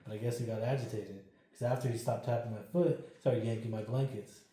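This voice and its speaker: A man's voice: on the low side, fast talker, a little hiss or hum. A man telling a ghost story as a podcast guest, casual and full of swearing. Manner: profane, animated storyteller. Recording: very echoey room.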